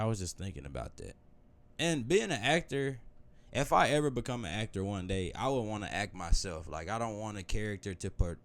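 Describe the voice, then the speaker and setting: A young man with a low, deep voice talks loosely and casually to camera. He rambles in a meandering way and often restarts his sentences. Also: a little hiss or hum. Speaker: vlogger.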